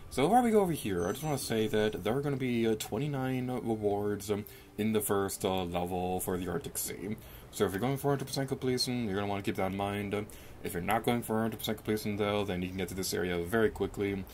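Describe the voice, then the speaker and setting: A young man with a fairly low voice talks through a video game in a relaxed, self-mocking way, and his pitch leaps up whenever something excites him. He records at home on a desk microphone, with a faint hum of room noise behind him. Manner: chatty and self-mocking, with quick pitch jumps when excited. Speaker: let's play commentator. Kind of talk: casual gameplay commentary.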